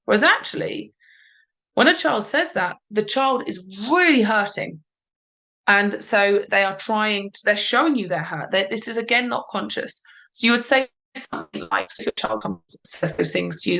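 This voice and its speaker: Woman coach, slightly gravelly, calm explainer on a parenting podcast. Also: medium pitch, normal speed. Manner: calm, explanatory, acts out parent and child lines.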